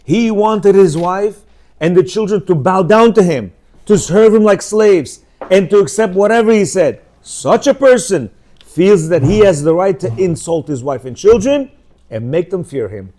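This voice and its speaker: Middle-aged Bukharian-accented man, fairly high voice, informal lecturer who keeps asking his listeners questions. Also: normal speed. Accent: Bukharian Jewish. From Uzbekistan. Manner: animated, asks listeners rhetorical questions. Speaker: Torah class teacher. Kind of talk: informal religious class talk.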